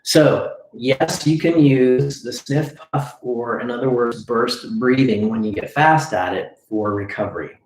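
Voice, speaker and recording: A man's voice: medium pitch, unhurried, hardly any pauses. A man as a breathing coach teaching a live lesson, demonstrating drills as he explains and often checking in with "okay?". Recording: echoey room.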